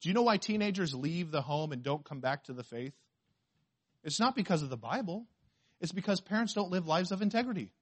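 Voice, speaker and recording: A male pastor with a high-sitting, slightly rough voice preaches an expressive sermon at a fairly quick pace. He's emphatic and full of rhetorical questions, swinging from quiet asides to loud declarations.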